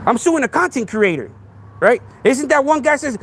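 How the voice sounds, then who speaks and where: A man with a high, gravelly voice rants sarcastically into his podcast mic, piling up rhetorical questions in street slang. His pitch swoops all over the place as he plays at being scared. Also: very animated, normal speed, a little hiss or hum. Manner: sarcastic, mock-frightened, repetitive rhetorical questions. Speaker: podcast host. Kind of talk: casual monologue rant.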